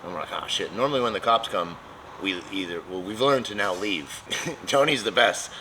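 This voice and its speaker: Deep-voiced profane storyteller. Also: male voice, fairly quick, noisy background. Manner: profane, laughing, animated storyteller. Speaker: custom motorcycle shop owner. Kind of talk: casual storytelling chat. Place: motorcycle shop.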